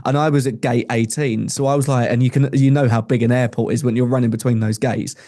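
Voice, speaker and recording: A young man from England speaks quickly with a dark tone, medium pitch, and fairly even intonation. He's a podcast guest recounting something personal, earnest and conversational, restarting often.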